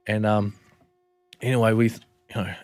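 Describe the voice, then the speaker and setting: Low-voiced New Zealand guy telling a story. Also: flat delivery, normal speed, a little mellow, no echo. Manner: laid-back, swears often, tags lines with "bro". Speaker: podcast guest. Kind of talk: casual storytelling.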